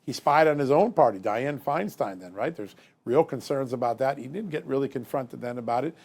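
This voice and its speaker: A man's voice: medium pitch, fairly quick, darkish tone. A man giving emphatic political commentary as a guest, building his points with rising force.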